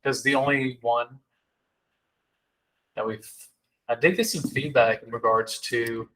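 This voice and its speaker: A man's voice: mid-range voice, steady tone, a little slow, bright, forceful tone, poor audio. A man co-hosting a podcast, chatting casually with playful, teasing banter. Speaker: podcast co-host. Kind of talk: casual chat.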